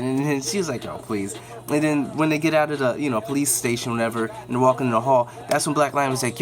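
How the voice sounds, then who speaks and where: A man casually recapping a TV episode, rambling with slang and fillers and acting out characters' lines. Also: a little fast. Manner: loose, rambling retelling with slang and many fillers; acts out characters' lines in raised pitch. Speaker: show recap vlogger.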